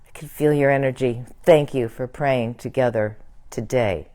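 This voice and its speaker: A woman minister leading a prayer and closing a church service in a gentle, prayerful way. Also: rumbling low, moderate pace.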